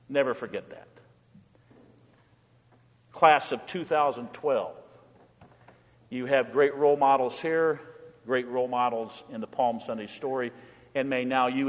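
A man's voice: medium pitch, long reverb tail. A male pastor preaching a sermon in a church, building his points through repeated rhetorical questions and leading the congregation in call-and-response.

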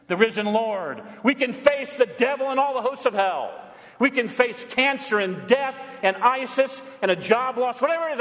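A male pastor preaching a sermon, emphatic, moving between loud proclamation and quiet asides. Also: very high voice, in a large hall.

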